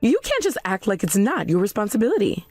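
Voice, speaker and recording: A woman's voice: mid-range voice, huge pitch swings, quick pace, darkish tone, no echo, faint music behind. A woman voicing an indignant middle-aged mother who refuses blame for her son's debt. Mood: alarmed. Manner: indignant, defensive.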